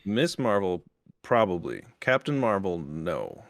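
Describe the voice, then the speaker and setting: Low-voiced guy hosting a podcast, lots of ums and restarts, dry close mic. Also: very animated, unhurried, no echo. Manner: rambling, many fillers and restarts. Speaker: podcast host. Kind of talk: casual review chat.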